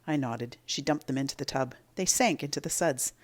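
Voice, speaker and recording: A woman teacher reading a children's chapter book aloud with expressive storytelling. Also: rumbling low, brisk.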